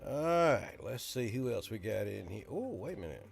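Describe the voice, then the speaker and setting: A man's voice: fairly low pitch, big pitch swings, moderate pace, creaky, faint music behind. A middle-aged man from Alabama with a Southern accent, hosting a casual live weather chat in a folksy, chatty way. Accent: Southern American, Alabama.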